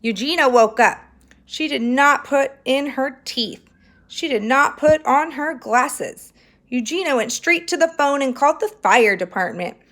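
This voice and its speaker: Woman teacher, reading aloud to class on camera, bright voice, slightly high, friendly and encouraging. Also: expressive, measured pace. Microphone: handheld camera.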